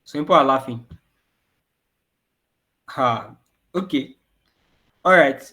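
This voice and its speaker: A man's voice: mid-range voice, expressive, slow, bright, forceful tone. A man teaching an online coding class to children, asking questions and answering them himself. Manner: repeats questions for the kids to answer. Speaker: programming teacher.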